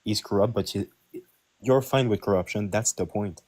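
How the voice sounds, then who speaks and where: A man's voice: fairly low pitch, moderate pace, darkish tone. A man from Quebec with a French Canadian accent, pressing questions in a political debate. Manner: persistent questioning. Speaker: debate participant.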